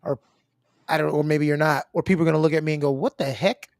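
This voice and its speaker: Man, higher voice, podcast host, chatty, encouraging, dry recording. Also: steady tone, quick pace, darkish tone, no room sound. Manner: easygoing and chatty, with many affirmations. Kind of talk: conversational podcast interview.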